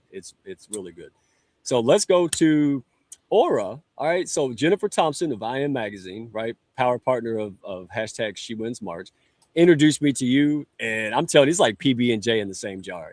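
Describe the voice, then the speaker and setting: A man's voice: mid-range voice, no room sound. A man hosting a live online show, chatty and joking in a folksy way. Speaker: talk show host. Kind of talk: lively livestream hosting. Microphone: live stream setup.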